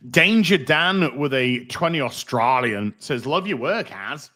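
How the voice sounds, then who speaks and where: A man's voice: medium pitch, lively intonation, a little slow, hardly any pauses, pushed and bright. A middle-aged man hosting a casual livestream, rambling, reading out donations and swearing freely. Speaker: livestream host.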